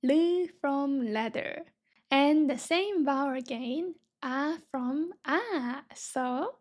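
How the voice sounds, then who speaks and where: Slow, cheerful high-voiced woman teacher. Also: a little mellow. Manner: cheerful, slow and deliberate, sounding out syllables. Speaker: Korean language teacher. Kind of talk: beginner language lesson.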